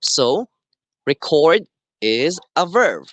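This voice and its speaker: A man teaching a class, explaining slowly and deliberately and often checking in with "okay". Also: a little high, very animated, bright, forceful tone, dry recording. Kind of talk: classroom lesson.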